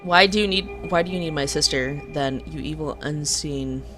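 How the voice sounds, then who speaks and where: Brave young game hero, accusing tone, lowish voice, read by a woman. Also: moderate pace, fairly bright tone, soft background music. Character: defiant young hero seeking his sister.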